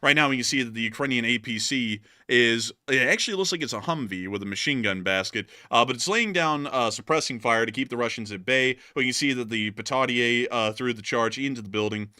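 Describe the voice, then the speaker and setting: A man's voice: mid-range voice, brisk, few pauses, sharp tone, no room sound, studio quality. Joking man narrating war footage. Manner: joking, laughs often, explains as he goes. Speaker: war news host. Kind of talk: casual war footage commentary.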